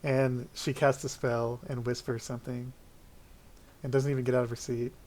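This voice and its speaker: A man narrating a tabletop role-play game as game master, calm and steady. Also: mid-range voice. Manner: unhurried, calm narration with "he says" lead-ins.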